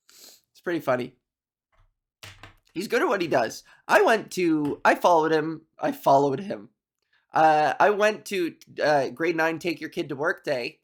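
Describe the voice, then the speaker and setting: With a fairly high, expressive voice at normal speed, this young Canadian man does rambling stand-up, spinning self-deprecating stories and cracking himself up.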